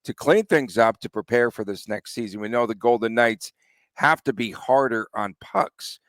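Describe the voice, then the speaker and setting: A man's voice: medium pitch, normal speed, a bit bright, no room sound. A man hosting a sports podcast in casual chat, conversational and asking his co-host questions.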